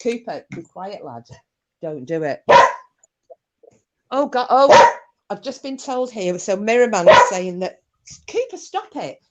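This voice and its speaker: A woman's voice: medium pitch, lively intonation, measured pace, long pauses, noisy background. A woman hosting a livestream, chatting casually, swearing freely and reading out viewer comments. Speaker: livestream host. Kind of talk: casual chat.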